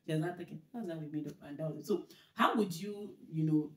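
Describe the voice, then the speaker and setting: Brief: woman host, quick animated chat, lowish voice, roomy echo. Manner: animated storytelling, laughing often. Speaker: vlogger host. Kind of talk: casual chat. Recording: echoey room.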